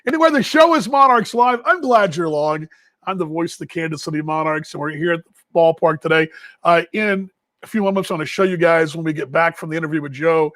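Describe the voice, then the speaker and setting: A man's voice: sits high, no room sound. A man from Texas hosting a casual live stream from a ballpark as a team broadcaster, chatty and self-deprecating, rambling as he reads viewer comments aloud.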